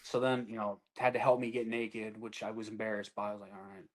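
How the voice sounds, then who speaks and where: A man's voice: fairly low pitch, flat delivery, fast talker, low-quality recording. A man, an army veteran, telling his own story in a candid, casual way, blunt and full of swearing.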